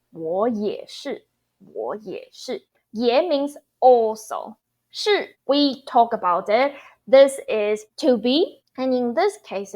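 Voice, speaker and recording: Young female tutor, native Mandarin speaker, higher voice, unhurried, chatty explainer who repeats phrases. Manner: explains slowly with frequent fillers and repeats phrases for practice. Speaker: language teacher. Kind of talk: casual online language lesson.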